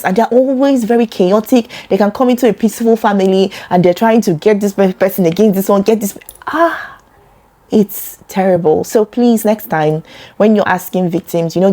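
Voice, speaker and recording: A Nigerian woman talking earnestly to camera about a personal topic, getting animated when she quotes other people. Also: mid-range voice. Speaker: vlogger.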